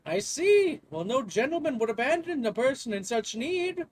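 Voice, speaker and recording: A man doing a fussy, genteel professor with a prim, posh put-on accent. His voice jumps up high and swoops around as he fusses politely, over soft game music. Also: very animated, moderate pace. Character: fussy, genteel old-fashioned male professor.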